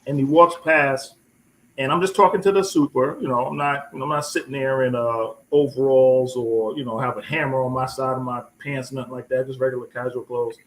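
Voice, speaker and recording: A man hosting a casual live chat, telling a rambling story with many restarts and repeated words, lively when he quotes people. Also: medium pitch, a little fast, a little hiss or hum, rough recording. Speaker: host.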